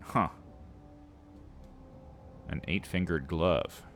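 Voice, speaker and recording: A man's voice: deep voice, drawn-out words, fairly bright tone, a little hiss or hum. A man hosting a let's play, reading the game's text aloud and breaking off for playful, chatty asides to his viewers.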